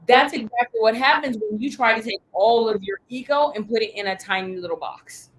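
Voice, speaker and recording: A woman's voice: fairly high pitch, brisk, poor audio. A woman business coach teaching a live workshop, telling stories with lots of energy, acting out quoted voices and swearing casually.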